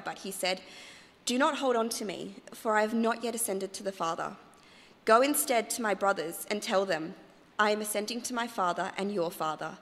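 A woman's voice: medium pitch, a bit bright, lightly acted. A woman voicing an earnest, emotional woman disciple in a first-person monologue, recorded in a church. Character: grieving then joyful woman disciple, earnest. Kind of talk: dramatic monologue reading in church. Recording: church hall reverb.

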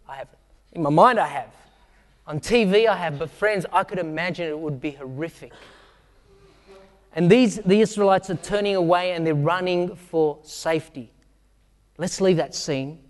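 A man preaching a sermon, acting out Bible scenes with shouts and asking the congregation questions. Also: high voice, long reverb tail. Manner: asks the congregation direct questions.

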